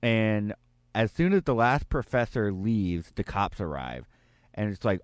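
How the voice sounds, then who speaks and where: A young man hosts a casual radio chat. He tells stories in an animated way and laughs often. His voice is mid-pitched and recorded dry. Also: moderate pace, clean tone, no room sound. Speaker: radio host.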